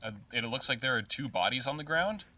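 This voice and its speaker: Bright-voiced male player, a bit distant. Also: mid-range voice, expressive, brisk. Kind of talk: playing a tabletop game.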